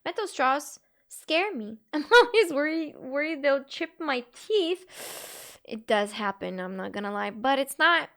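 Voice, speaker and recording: A young woman streams live on Twitch, chatting casually with viewers, giggling often and answering chat messages as they arrive. Her voice sits high, animated and fairly bright, and she speaks unhurriedly.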